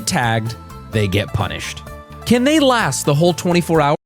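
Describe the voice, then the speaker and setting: A man streaming, chatting with viewers and rehearsing a trailer voice-over, drawing out words in a hammy, shouted announcer delivery and swearing as he jokes. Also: a little high, wildly swooping pitch, moderate pace, dry recording, faint music behind. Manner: joking, profane.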